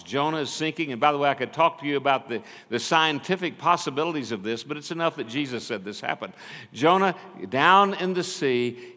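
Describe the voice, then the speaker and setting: An older man preaching a sermon, telling stories and swinging from loud, urgent passages to hushed ones. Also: medium pitch. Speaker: pastor. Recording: long reverb of a large hall.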